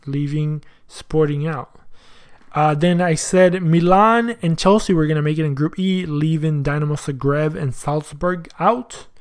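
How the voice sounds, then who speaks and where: A man hosting a soccer podcast in casual chat, slangy and thinking aloud as he goes. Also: on the high side. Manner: chatty, thinks aloud, asks himself questions.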